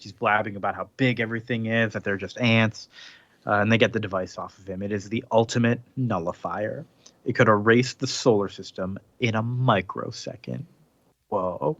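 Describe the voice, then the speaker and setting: A man co-hosting a podcast, casually recapping a comic book with lots of fillers and quick mock voices. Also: lowish voice, no echo, dull audio. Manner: relaxed, filler-heavy storytelling with mock voices. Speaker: podcast co-host.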